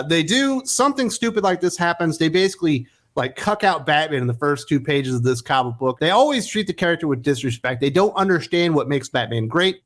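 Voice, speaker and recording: A man reviewing comic books in a casual commentary, sarcastic and profane, ranting with mocking jumps in emphasis. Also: fairly high pitch.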